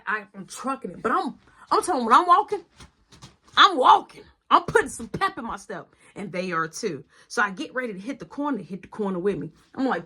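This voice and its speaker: A woman telling a personal story in a casual storytime style, acting out each quoted voice with lots of energy. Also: sits high. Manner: animated, acts out every quoted voice.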